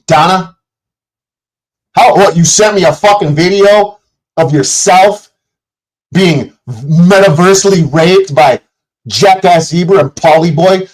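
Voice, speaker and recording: A man's voice: high voice, takes it slowly, long pauses, low-quality recording. Furious profane man ranting at his chat. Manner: profane, combative, shouting at chat. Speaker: streamer. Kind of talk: angry livestream rant. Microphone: streaming setup mic.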